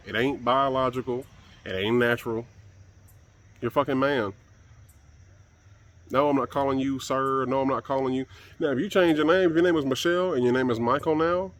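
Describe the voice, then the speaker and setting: A man on a solo commentary channel with a voice of ordinary middle pitch for a man. He talks bluntly and profanely, in a tone of steady exasperation.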